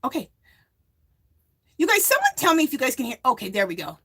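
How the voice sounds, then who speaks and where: A woman's voice: high-pitched, fairly quick, husky. Chatty woman hosting a livestream. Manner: rambling, animated storytelling. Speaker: livestream host. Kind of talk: casual livestream chat.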